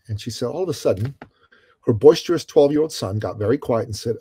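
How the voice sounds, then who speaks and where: A middle-aged man from Iran, a guest telling a story in an interview, animated and calling the host brother. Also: mid-range voice, quick pace, gravelly.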